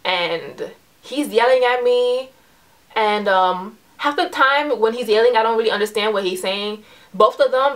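Young woman in her twenties, casual storytime vlogger, filler-heavy, animated delivery. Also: mid-range voice. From New York. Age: 20s. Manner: chatty, heavy use of "like" and "um"; animated storyteller, voice rises when retelling the confrontation.

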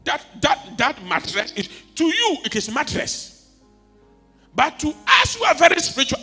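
A man preaching a sermon as a pastor, telling stories and swinging from quiet asides to shouts. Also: very high-pitched, huge pitch swings, normal speed. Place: church hall. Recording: long hall reverb with faint music.

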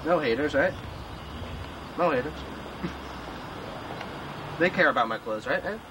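A young man with a high, light voice rambles through a foul-mouthed comic rant, tossing in "man" and "bro" at every turn. Loud outdoor noise sits under him the whole time. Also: lively intonation, takes it slowly. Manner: rambling, profane, slangy, swings between griping and bragging. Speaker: clothing designer character. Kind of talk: improvised comedic monologue. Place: outdoors at a tent camp.

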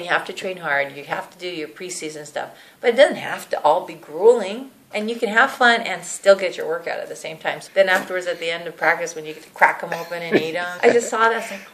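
A woman recalls past events in casual, animated speech. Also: fairly low pitch, a little fast. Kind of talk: casual recollection.

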